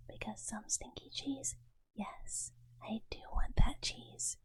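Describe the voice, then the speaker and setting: A woman's voice: slow pace, a bit bright, low-quality recording. A woman ASMR streamer whispering playfully, chatting and greeting her viewers by name into an ASMR microphone.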